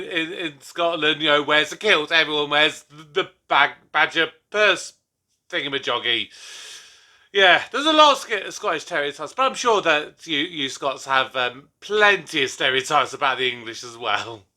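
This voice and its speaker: Bright-voiced man hunting for words. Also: a little high, animated, normal speed. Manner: hesitant, groping for words. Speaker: reaction video host. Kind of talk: casual chat.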